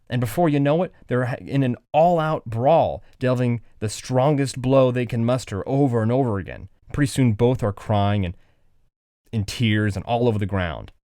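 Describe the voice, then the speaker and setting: A man hosting a podcast, explaining philosophy in an animated, conversational way and acting out little voices. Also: medium pitch, no room sound, clean studio sound. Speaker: podcast host.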